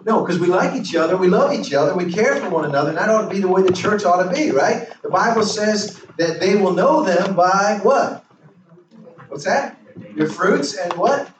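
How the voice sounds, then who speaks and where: A man's voice: high-pitched, expressive, moderate pace, muffled recording, noisy background. A man preaching a sermon as pastor, questioning the congregation and drawing answers back in call-and-response. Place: church sanctuary. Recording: roomy echo, distant mic, faint ambience.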